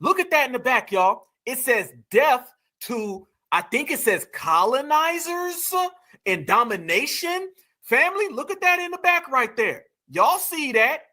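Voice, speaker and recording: A man's voice: very high voice, big pitch swings, moderate pace, few pauses, pushed and bright. A male host giving mocking, indignant commentary on video clips and calling his viewers family.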